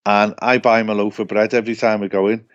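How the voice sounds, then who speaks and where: A man's voice: lowish voice, quick pace, muffled recording, a little hiss or hum. A man co-hosting a casual podcast chat, blunt and sweary as he tells stories. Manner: blunt, sweary, animated storyteller. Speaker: podcast co-host.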